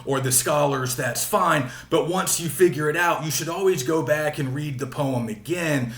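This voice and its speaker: A man's voice: fairly high pitch, moderate pace, a bit bright, reverberant. A man giving a patient, explanatory literature lecture, repeating key points and using frequent fillers. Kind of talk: recorded classroom lecture.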